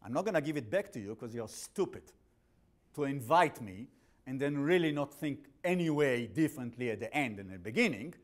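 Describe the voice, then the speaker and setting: A male instructor with an accent lectures a class in a blunt, animated way, cracking jokes and often cutting off and restarting his sentences. His voice sits at an ordinary middle pitch. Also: fairly quick. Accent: non-native English.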